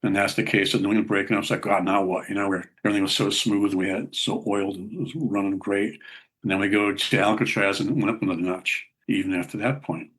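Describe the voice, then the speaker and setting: A man's voice: fairly low pitch, steady tone, fast talker, fairly bright tone, husky. An older man, a musician guest in an interview, telling rambling anecdotes with a chuckle. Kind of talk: casual interview storytelling.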